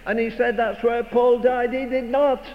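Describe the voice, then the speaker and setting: A man's voice: extremely high pitch, little pitch movement, normal speed. An older man preaching a sermon with emphatic, rhetorical, repeated phrases. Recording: dull recording in a reverberant hall, faint noise.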